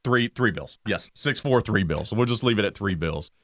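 A man's voice: moderate pace, no room sound. Ranting man on a dry sports talk mic. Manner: animated ranting, voice jumping high for emphasis. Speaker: co-host. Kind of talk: casual sports talk chat.

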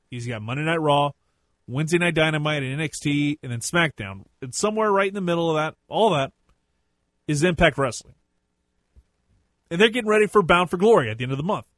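Guy hosting his podcast, chatty and rambly, voice a bit on the high side, dry close sound. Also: fairly bright tone, no echo. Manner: chatty, rambling, self-correcting. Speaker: podcast host. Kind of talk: casual solo podcast commentary.

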